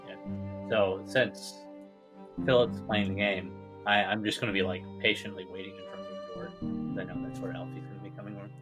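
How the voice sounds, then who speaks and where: A man's voice: deep voice, little pitch movement, fairly quick, music in the background. A man playing a character in a tabletop role-playing podcast, joking and bantering. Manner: playful, jokey banter. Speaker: player. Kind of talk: casual tabletop play.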